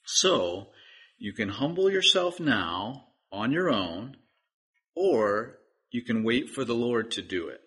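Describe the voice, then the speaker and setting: A man's voice: mid-range voice, very animated, takes it slowly, a bit bright, breathy edge. A man preaching a sermon as pastor, earnest and pleading, speaking directly to his listeners.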